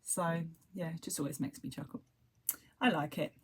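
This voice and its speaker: In a casual chat with her regular viewers, a southern English woman hosting a crochet livestream wanders from thought to thought, admitting she waffles. Her voice is slightly rough and a little low, and she talks at a normal speed in a relaxed way.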